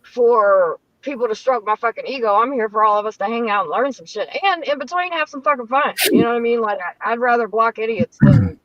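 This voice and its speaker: A woman's voice: fairly high pitch, big pitch swings, fairly quick, few pauses, no room sound, highs cut off. A woman hosting a casual livestream, blunt and profane in how she talks. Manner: blunt and profane, plain-spoken. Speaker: host.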